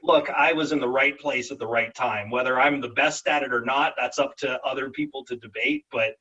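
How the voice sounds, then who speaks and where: A man's voice: mid-range voice, steady tone, a little fast, sharp tone, slightly rough, distant mic, lo-fi sound. A man, a voice actor guest, telling stories animatedly in a casual interview over a video call and slipping into character voices.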